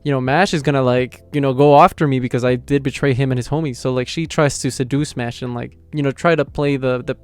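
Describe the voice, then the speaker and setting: A young man excitedly recapping an anime episode in slangy, casual talk. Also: medium pitch, fast talker, few pauses, clean tone. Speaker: anime reviewer.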